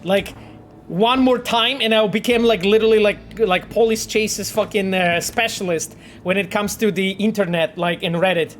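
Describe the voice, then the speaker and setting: Male game streamer, high-pitched, animated and profane, faint game sound underneath. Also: normal speed, slight background noise. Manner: animated, swears often, thinks aloud with many fillers. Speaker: game developer streaming gameplay. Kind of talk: casual livestream commentary.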